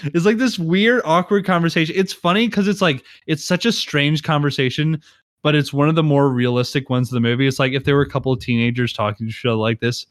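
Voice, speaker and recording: Man, casual chat, smooth clear voice, dry close sound, laughs a lot, quick character voices. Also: mid-range voice, no echo. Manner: laughing, retells scenes with quick put-on voices. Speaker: podcast co-host.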